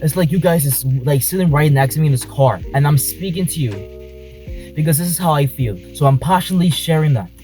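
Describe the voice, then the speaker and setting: A man's voice: a little high, a little fast, warm tone, faint music behind, rough recording. A man vlogging from inside a car, speaking passionately and emphatically, repeating his points. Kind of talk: talking to camera in a car.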